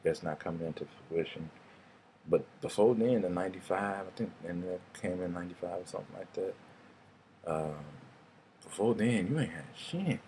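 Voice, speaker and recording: A man's voice: low-pitched, normal speed, dark tone, a little hiss or hum. A young man, telling rambling, casual stories and swearing freely in a vlog. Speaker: vlogger. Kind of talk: casual storytelling monologue.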